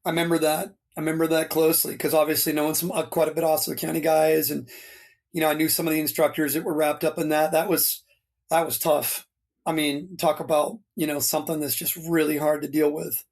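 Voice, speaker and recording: Man, 50s, higher-pitched, loose talker, animated storyteller. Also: quick pace, creaky. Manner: rambling, filler-heavy, animated when quoting others. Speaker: interview guest, retired fire lieutenant. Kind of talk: casual storytelling.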